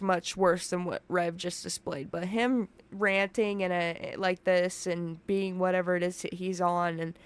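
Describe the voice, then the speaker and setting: Profane, emotional woman streamer, smooth voice. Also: fairly low pitch. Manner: emotional, profane, rambling with restarts. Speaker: commentary streamer. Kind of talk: casual reaction commentary. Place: home room with open window.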